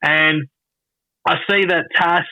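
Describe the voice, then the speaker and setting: An Australian man, a podcast guest, telling stories in a rambling, halting way with lots of restarts and swearing. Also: fairly high pitch, fairly even intonation, no echo. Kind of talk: casual storytelling. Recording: dull lo-fi dry sound.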